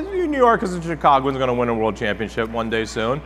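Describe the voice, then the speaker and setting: A man's voice: medium pitch, huge pitch swings, fast, fairly bright tone. A chef talking a crowd through a live cooking demonstration, chatty and joking as he goes. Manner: joking, chatty, audience-engaging. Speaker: celebrity chef. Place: trade show demo stage. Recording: echoey hall with faint ambience.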